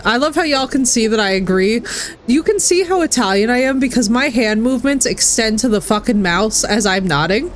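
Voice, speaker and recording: A woman's voice: fairly high pitch, lively intonation, a little fast. A woman streaming a game, chatting casually and animatedly with friends and laughing often. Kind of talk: casual gaming stream chat.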